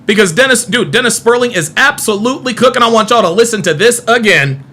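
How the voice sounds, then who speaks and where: A man hosting a live stream in a very high, bright voice that swings widely in pitch. He argues in a combative way, repeating lines and swearing freely. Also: animated, quick pace. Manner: combative, repetitive, profane. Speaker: host of a live call-in stream. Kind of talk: heated live stream commentary.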